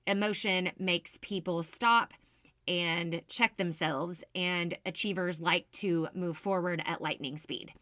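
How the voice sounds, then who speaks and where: A woman with a bright, forward voice hosts a solo business podcast, walking listeners through sales concepts in an upbeat, explanatory way. The recording is dry and close, with no room sound. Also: lowish voice, fairly even intonation, slow, dry recording. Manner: upbeat explanatory, self-described business nerd. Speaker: podcast host, sales coach.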